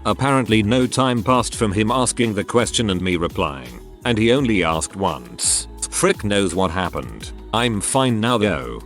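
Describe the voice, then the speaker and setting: A man with a lowish voice reads out stories in a lively, animated way. His pitch rises and falls freely as he narrates. Faint music plays softly underneath. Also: a little slow, few pauses. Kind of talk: scripted story narration.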